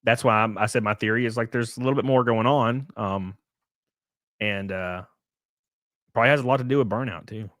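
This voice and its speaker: A man's voice: on the low side, a little fast, pauses often, fairly bright tone, dry recording, studio quality. A man chatting casually on a live stream, rambling, laughing and reading out chat messages. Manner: rambling, reads chat aloud, laughs often.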